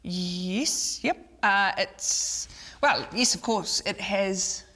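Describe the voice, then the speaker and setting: A woman, acting out an evasive, flustered minister in a comedy sketch. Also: drawn-out words. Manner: evasive, flustered, lively swings in pitch. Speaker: comedian playing a government minister.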